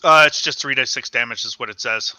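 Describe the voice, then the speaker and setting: A man's voice: mid-range voice, a little fast, pushed and bright, dry recording. A man playing a tabletop game, matter-of-fact about the rules. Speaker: player. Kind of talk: casual tabletop play.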